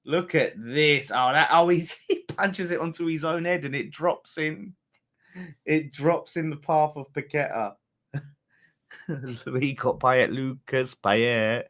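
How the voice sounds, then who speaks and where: A man hosting a live fan watchalong of a football match, talking excitably to his viewers, swearing freely and bantering as the play unfolds. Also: on the high side, takes it slowly. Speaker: fan channel host.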